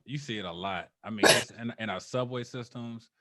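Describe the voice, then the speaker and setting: A man's voice: fairly low pitch, brisk, sharp tone. A man hosting an interview who mostly answers with brief affirming interjections. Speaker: podcast host.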